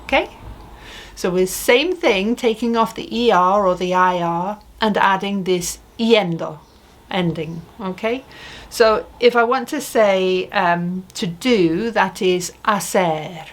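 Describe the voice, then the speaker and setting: A woman giving a spoken language lesson at an unhurried, deliberate pace. She talks patiently in a mid-range voice, posing questions and modeling each phrase for the listener. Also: medium pitch. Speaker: Spanish teacher.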